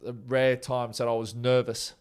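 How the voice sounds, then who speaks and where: Relaxed man, forties, yarn-spinning interview guest, mid-pitched voice, easygoing delivery. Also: normal speed, smooth. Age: 40s. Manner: chatty and laid-back, with many restarts. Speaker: former teammate telling stories. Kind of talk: casual anecdotal interview.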